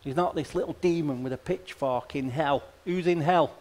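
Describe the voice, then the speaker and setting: A man preaching a sermon in a casual, direct way, firing off rhetorical questions and dry asides. His voice sits a little higher than most men's. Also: moderate pace, a little mellow. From Australia. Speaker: pastor.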